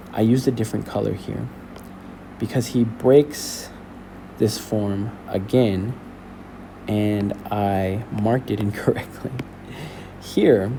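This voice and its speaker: A male teacher walking a class through a lesson, explaining slowly and checking in with "okay?". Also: fairly low pitch, gravelly, mellow, a little hiss or hum. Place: school building.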